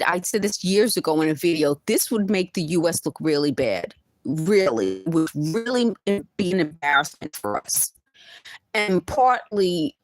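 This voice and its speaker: Indignant Bronx woman with lively pitch. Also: dry recording. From the Bronx, New York. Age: 50s. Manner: emphatic, indignant, laughing asides. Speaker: vlogger. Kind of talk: direct-to-camera monologue.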